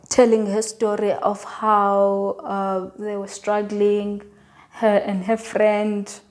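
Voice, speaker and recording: A woman's voice: medium pitch, darkish tone. A woman telling a personal faith testimony in a casual, earnest way, often repeating herself as she talks. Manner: earnest, emotional, repeats words and phrases. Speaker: vlogger sharing a faith testimony.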